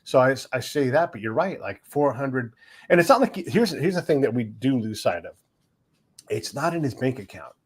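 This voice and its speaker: A blunt podcast host with a husky, slightly raspy voice. He talks loosely, swears freely and muses aloud in plain conversational phrasing. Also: mid-range voice, very animated, normal speed. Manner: blunt, profane, laughs easily.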